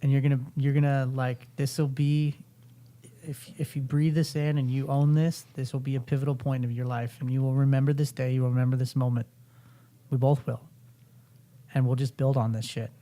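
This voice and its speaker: Male podcast host, fervent profane coach, mellow warm voice. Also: medium pitch, level tone, a little fast. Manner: intense, profane, fervent pep talk. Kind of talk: motivational coaching session.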